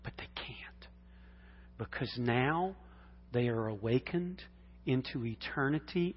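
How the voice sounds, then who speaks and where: A male pastor preaching a sermon, dropping to hushed whispers and rising to loud, impassioned cries. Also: mid-range voice, animated, takes it slowly, long pauses, slightly rough. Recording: dull sound in a long-reverb hall.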